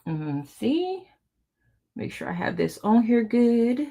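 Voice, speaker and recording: A woman's voice: fairly high pitch, big pitch swings, takes it slowly, gravelly, mellow. A middle-aged woman hosting a casual live quilting tutorial, chatting with her viewers as she sews. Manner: chatty, talks to viewers while working. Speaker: quilting channel host.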